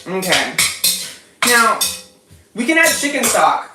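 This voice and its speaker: A woman's voice: medium pitch, animated, normal speed, reverberant, far from the mic, noisy background. A young woman with an African American English accent, chatting casually and profanely while cooking on a stream, often laughing and talking back to her chat. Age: young adult.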